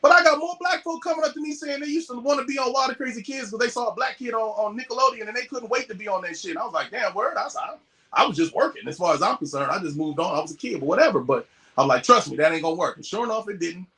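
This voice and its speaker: Animated male storyteller, bright tone, curses freely, jumps into quoted voices. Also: high voice, fast. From US West Coast. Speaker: podcast guest. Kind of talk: casual storytelling.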